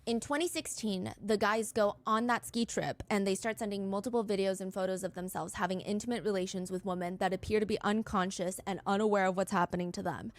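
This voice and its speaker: A woman narrating a true-crime story in a brisk podcast style, quoting text messages as she goes. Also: medium pitch, fairly even intonation.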